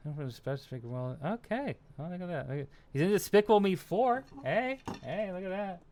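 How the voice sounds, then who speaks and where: Young American man, streamer, smooth clear voice, casual rambling chat, self-deprecating. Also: sits high, animated, a little slow, a little mellow. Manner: rambling and self-deprecating, lots of fillers and laughs. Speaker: streamer host. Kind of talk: casual stream chat reading viewer comments.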